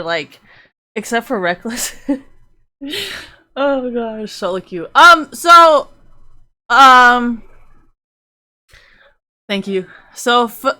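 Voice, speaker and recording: A woman's voice: fairly high pitch, a bit bright. A young woman streamer giving rambling, profane, casual commentary on a game, laughing often.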